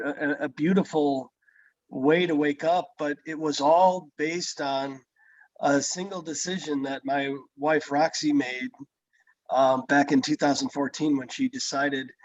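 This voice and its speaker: A middle-aged man hosting a video call, relaxed and reflective, pausing often with "um". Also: fairly high pitch, dry recording, highs cut off. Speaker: host. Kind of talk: casual chat on a video call.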